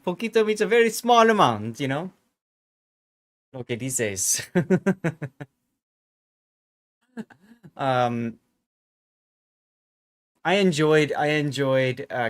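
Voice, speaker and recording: A man's voice: medium pitch, animated, takes it slowly, long pauses. A man streaming a naval battle game, chatting casually with viewers, laughing often and repeating his words.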